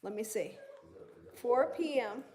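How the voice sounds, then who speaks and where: A woman's voice: on the high side, lively intonation, slow pace, a little mellow. A woman with a Southern American accent hosting a casual cooking livestream, chatting with viewers and cooing to her dogs. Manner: chatty, reads viewer comments aloud, coos to her dogs. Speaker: cooking channel host.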